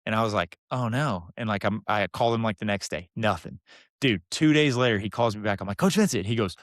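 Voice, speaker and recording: Young man, casual storytelling, fast pace, dry close sound. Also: fairly low pitch, dry recording. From Texas. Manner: animated, mimics the people in his stories. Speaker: podcast guest.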